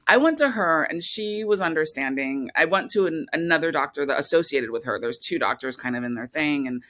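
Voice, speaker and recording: A woman's voice: low-pitched, lively intonation, fairly quick, a bit bright. A woman filmmaker talking casually as an interview guest, rambling with many restarts and fillers.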